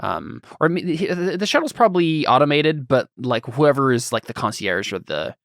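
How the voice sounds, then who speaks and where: A man's voice: a little high, sing-song, normal speed, fairly bright tone, no echo. Rambling male game master, dry sound. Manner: rambling, searching for words as he describes. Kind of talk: narrating a tabletop game.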